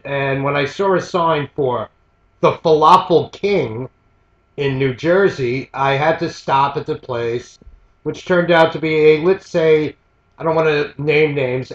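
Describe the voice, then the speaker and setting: An American man telling a story in a profane, animated rant, now and then mimicking the people in it. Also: fairly high pitch. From United States. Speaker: vlogger. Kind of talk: ranting storytelling monologue. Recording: echoey, dull lo-fi sound.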